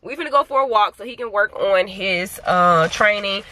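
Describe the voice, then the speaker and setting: A woman chatting casually to her vlog camera outdoors at a park while she walks her dog, ranting in slangy, animated talk. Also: mid-range voice, normal speed. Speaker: family vlogger.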